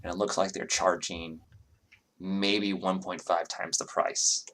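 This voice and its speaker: Deep-voiced man running a tabletop game. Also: slow. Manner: relaxed, describes scenes with many ums. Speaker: game master.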